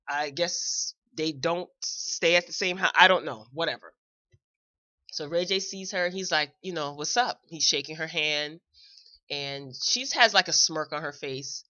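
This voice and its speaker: A woman's voice: on the low side, pushed and bright, highs cut off. A woman hosting a show, giving a chatty, opinionated recap in a casual, blunt way. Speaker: show host reviewing a celebrity video.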